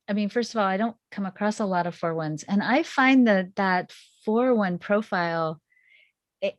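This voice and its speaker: A woman's voice: mid-range voice, no room sound. A woman hosting an interview podcast over a video call, asking questions enthusiastically with frequent restarts and affirmations. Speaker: podcast host.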